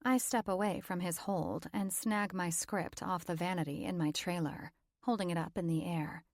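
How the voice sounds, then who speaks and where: A woman narrating a first-person romance audiobook in a calm, even reading. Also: on the low side, normal speed, no room sound, clean studio sound.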